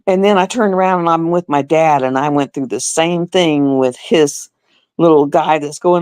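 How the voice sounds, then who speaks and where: A woman's voice: low voice, normal speed, clean tone, no room sound. A woman, telling a story on a live stream. She sounds indignant, repeats herself, and acts out other people in a raised voice.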